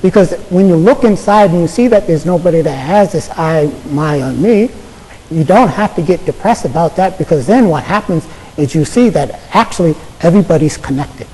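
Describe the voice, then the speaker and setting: An American man, a Buddhist monk, giving a casual Zen dharma talk to an audience, halting and full of fillers, often checking in with "okay?". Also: on the high side, expressive, dark tone, husky. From United States. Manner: halting, conversational, many fillers and repeated "okay?". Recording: echoey lecture hall.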